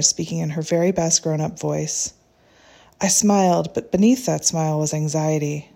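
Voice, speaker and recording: In a gentle, unhurried, tender manner, a woman reads a reflective story told in the first person. Her low, husky voice has a gravelly edge, and her tone stays steady, mellow and soft.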